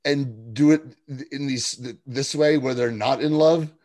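A man's voice: medium pitch, unhurried, darkish tone. A man co-hosting a podcast, chatting casually about a TV episode, laughing often and acting out lines as he recaps. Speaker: podcast co-host.

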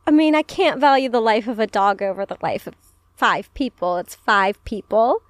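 A young woman co-hosting a casual chat podcast, playful and quick to joke, laughing often. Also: fairly high pitch, no room sound. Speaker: podcast co-host.

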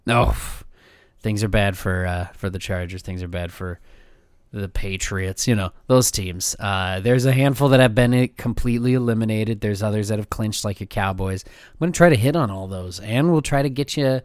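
A man co-hosting a casual sports podcast, talking in a halting way with many fillers. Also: on the low side, smooth, no echo, studio quality. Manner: halting, filler-heavy delivery. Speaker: podcast co-host.

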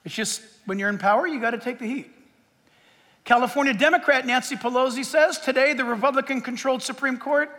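Pastor guy preaching, really high bright voice, emphatic asides, big echoey hall. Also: a little fast. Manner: emphatic, quoting scripture with asides and laughs. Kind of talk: sermon.

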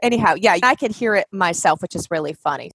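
A woman's voice: fairly low pitch, animated, quick pace, a bit bright, slightly rough, dry recording. Chatty, enthusiastic woman podcast host. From Washington State. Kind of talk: casual podcast talk.

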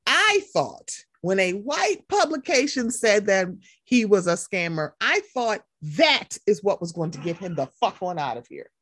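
A woman's voice: mid-range voice, sing-song, measured pace, few pauses, a bit bright, no echo, studio quality. A woman co-hosting a casual gossip podcast, talking animatedly and slipping into playacted quotes. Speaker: podcast co-host.

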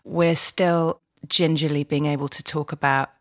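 A woman's voice: low voice, fairly even intonation, measured pace, no echo, clean studio sound. A middle-aged woman talking frankly as a guest over the phone, swearing freely and reflecting. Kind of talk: casual conversation on a phone call.

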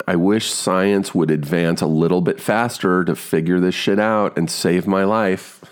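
A man's voice: sits low, a little slow. A man in his fifties telling a casual story about an audition, swearing freely and acting out his own stumbles. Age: 50s.

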